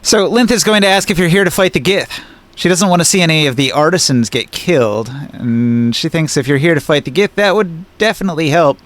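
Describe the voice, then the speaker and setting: A man's voice: a little high, brisk. A man narrating as game master in a tabletop role-playing game, casual and rambling.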